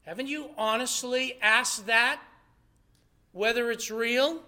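A man's voice: very high-pitched, slow pace, bright, forceful tone. A man preaching a sermon as pastor, earnest and conversational, probing his listeners with rhetorical questions.

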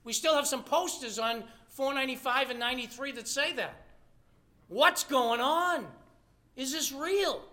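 A man's voice: very high voice, moderate pace, sharp tone. A man preaching a sermon as pastor, earnest and conversational, probing his listeners with rhetorical questions.

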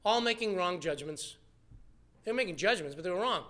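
A man preaching a sermon, animated, acting out the people he quotes. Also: high voice, quick pace. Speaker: pastor.

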